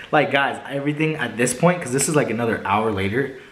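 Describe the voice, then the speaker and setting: A man's voice: medium pitch, a little fast, echoey room, a little hiss or hum, low-quality recording. Slangy young man telling a story. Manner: animated, slangy, keeps saying bro and right. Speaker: vlogger. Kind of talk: casual storytime.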